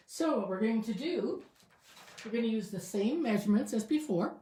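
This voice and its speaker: A woman's voice: on the high side, expressive, moderate pace, warm tone, reverberant. A woman showing a craft step by step in a casual tutorial, chatting and thinking aloud as she works. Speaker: crafting demonstrator.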